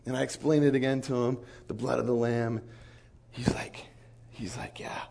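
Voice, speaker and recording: A man preaching a sermon, telling a story with animated acted-out dialogue. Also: mid-range voice, moderate pace, creaky.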